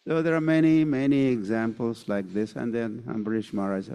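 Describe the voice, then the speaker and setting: A mid-range, mellow, smooth male voice with fairly even intonation delivers a scripture lecture. The spiritual teacher is an unhurried storyteller who acts out the quotes, and long hall reverb colors the recording.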